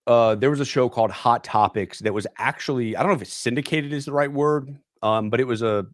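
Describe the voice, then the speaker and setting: A man's voice: mid-range voice, a little fast, no room sound. Man telling a rambling story, dry sound. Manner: rambling, peppered with "like" and "dude". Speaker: podcast guest. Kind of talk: casual storytelling chat. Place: podcast studio.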